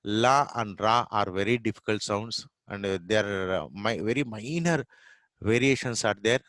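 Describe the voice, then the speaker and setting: A man's voice: fairly low pitch, a bit bright, no echo. A man with a Telugu-influenced Indian English accent, teaching pronunciation informally and repeating sounds to demonstrate them. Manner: repeats sounds and words slowly to demonstrate, many fillers. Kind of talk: informal spoken lesson.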